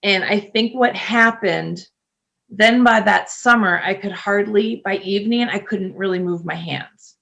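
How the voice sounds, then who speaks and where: Middle-aged woman, gravelly voice, chatty interview guest, lots of ums, laughs easily. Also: medium pitch, a little slow, a bit bright. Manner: chatty, laughs often, many fillers. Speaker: nurse and podcast guest. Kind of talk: casual interview talk.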